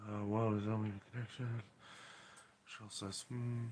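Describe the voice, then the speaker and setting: A man's voice: fairly low pitch, flat delivery, normal speed, darkish tone. A man hosting a casual live stream, chatting in a rambling way and reading viewer comments aloud. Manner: rambling, chatty, apologetic, laughs often.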